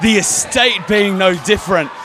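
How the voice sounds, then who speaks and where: A man's voice: sits high, normal speed, shouting, a crowd in the background. A man, a wrestling champion, talking cockily and joking in a post-show wrap-up. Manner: cocky, boastful, joking. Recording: noisy background.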